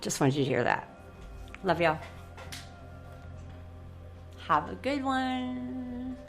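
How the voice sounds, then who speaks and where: A woman hosting a motivational radio show, leading a guided breathing exercise and cheering her listeners on in an effusive, upbeat way that swings from soft to excited. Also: mid-range voice.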